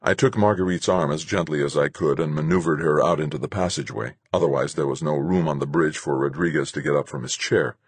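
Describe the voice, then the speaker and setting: A man reading an audiobook in a measured, even way. His voice is very low and a little husky. The recording is dry and close, with no room sound. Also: no echo. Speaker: narrator. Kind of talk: audiobook narration.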